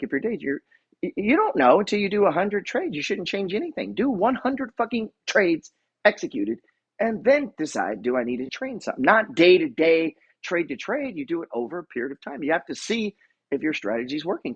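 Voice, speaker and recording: A man with a husky, slightly high voice delivers a blunt motivational rant full of swearing. His pitch swings widely as he pushes his points. The recording is dull and lo-fi. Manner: blunt, profane, emphatic. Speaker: investor and real estate buyer.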